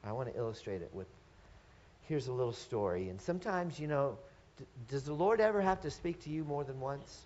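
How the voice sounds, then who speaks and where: A man's voice: medium pitch, animated, a little fast, darkish tone. A middle-aged man preaching a sermon to his congregation. He speaks earnestly, often poses rhetorical questions and restarts his phrases. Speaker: pastor. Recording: dull lo-fi sermon recording.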